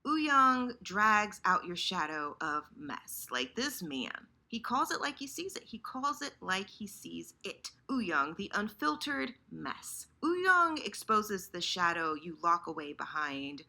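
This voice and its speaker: A woman talking to her viewers in a loose, chatty way, and she keeps slipping into the inner voices she imagines they have. Her pitch leaps all over, and her tone is bright and clear. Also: a little slow, hardly any pauses. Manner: animated, acts out inner voices, lots of restarts. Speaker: host. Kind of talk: casual chat about fandom.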